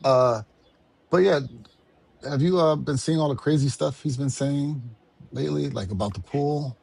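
Husky man in laid-back banter. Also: on the high side, normal speed, a little mellow. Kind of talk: casual chat.

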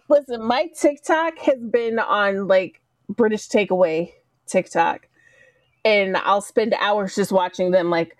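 A woman in casual podcast chat, chatty and quick to laugh. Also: medium pitch, no echo. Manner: laughs often, chatty storyteller.

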